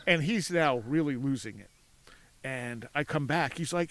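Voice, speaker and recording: A man telling a story as a podcast guest outdoors at a cemetery, animated, acting out voices in his anecdotes and laughing often. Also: mid-range voice, moderate pace. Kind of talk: casual storytelling.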